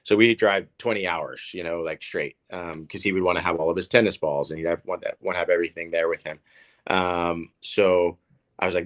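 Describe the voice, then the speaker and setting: A man's voice: deep voice, fast, a bit bright. A man in his thirties from Oklahoma, a professional tennis player telling stories in a casual interview, rambling and repeating words with many fillers. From Oklahoma, USA.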